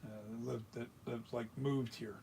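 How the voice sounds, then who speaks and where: A man's voice: mid-range voice, flat delivery, normal speed, creaky, mellow, a little hiss or hum. A middle-aged man from South Jersey, chatting casually and muttering to himself while he makes a mask. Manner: rambling, mutters to himself, restarts. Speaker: mask maker. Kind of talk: casual workshop chat while working.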